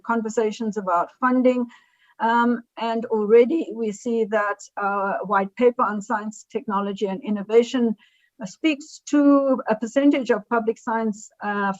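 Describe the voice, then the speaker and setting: A woman giving a remote conference talk, halting and often correcting herself. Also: on the high side, darkish tone, dull audio. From South Africa. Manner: halting, self-correcting delivery. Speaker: invited conference speaker.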